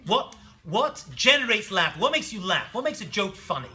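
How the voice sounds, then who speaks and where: A man teaching a class as a rabbi, telling jokes and stories in an animated way and throwing questions at his students. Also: sits high, moderate pace. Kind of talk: classroom lecture.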